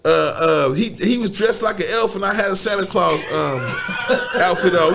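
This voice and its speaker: A man's voice: high-pitched, normal speed, gravelly. A man who is a guest on a podcast, telling a story in casual, profane slang, stumbling over repeated words and laughing often.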